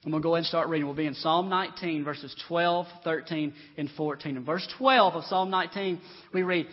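A man preaching in a church, with a fairly high voice that sounds slightly husky. He swings between loud, emphatic declarations and quiet, confiding asides. The recording is dull and lo-fi, with a long reverb tail from the sanctuary. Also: steady tone, a little fast. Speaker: pastor. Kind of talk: sermon.

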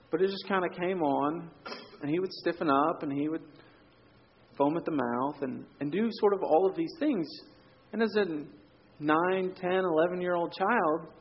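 Male pastor, relaxed storytelling sermon, fairly high voice, muted lo-fi sound. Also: slightly rough. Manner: conversational storytelling, drops to quiet for emphasis.

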